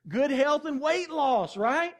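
Folksy preacher guy, kinda high voice, jokes around and quizzes the crowd. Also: animated, slow. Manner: folksy, jokey and conversational, asks the congregation questions. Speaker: pastor. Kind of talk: sermon.

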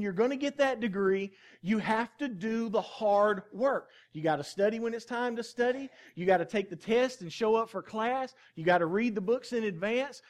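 A male pastor preaching a sermon in a folksy, joking way, often asking the congregation questions. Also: sits high. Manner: folksy, jokey and conversational, asks the congregation questions.

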